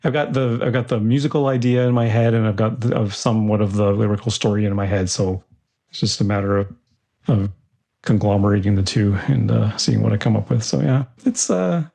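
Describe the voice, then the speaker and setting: A man's voice: on the low side, fairly quick, creaky, warm tone. A man hosting a songwriting radio show, chatting casually with filler words and frequent laughs. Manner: chatty, laughs often, many fillers and restarts. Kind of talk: casual podcast chat.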